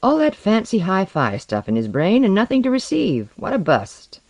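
A narrator voicing a blunt, scornful young woman pilot in an audiobook, raised higher than the narration. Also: huge pitch swings, normal speed, darkish tone, no room sound. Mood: mocking.

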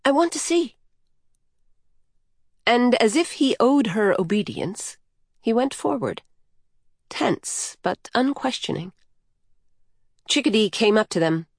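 Woman reading a novel, slow and steady, super dry close sound. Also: on the high side, dry recording. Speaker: audiobook narrator. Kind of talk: scripted narration.

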